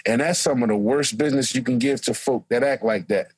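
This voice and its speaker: A middle-aged man, a coach and co-host telling stories loudly and with animation in a casual podcast chat. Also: mid-range voice, a little fast, husky, no room sound, low-quality recording. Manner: loud, animated storyteller. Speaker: track and football coach, co-host.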